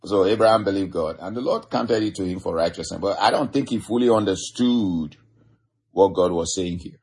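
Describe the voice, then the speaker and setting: A man preaching a sermon, teaching slowly and emphatically, stretching key words and chuckling now and then. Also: low voice, darkish tone, slightly rough. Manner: slow, emphatic teaching with chuckles and varied pace.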